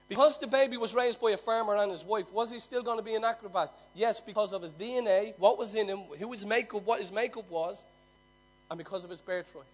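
A man preaches through a long parable in a high voice. He punches some points loudly and lets others drop almost to a hush. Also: a little fast. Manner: swings from loud emphasis to near-hushed telling. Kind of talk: sermon storytelling.

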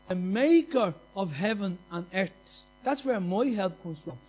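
A man's voice: high voice, big pitch swings, measured pace, hardly any pauses, a little mellow, slightly rough, soft background music. A man preaching a passionate, conversational sermon full of repetition and anecdotes.

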